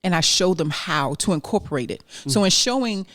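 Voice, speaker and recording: A woman's voice: lowish voice, animated, brisk, a bit bright, dry recording, studio quality. A woman guest on a casual talk podcast, an organizing expert who speaks emphatically and acts out her clients' lines as she explains her advice.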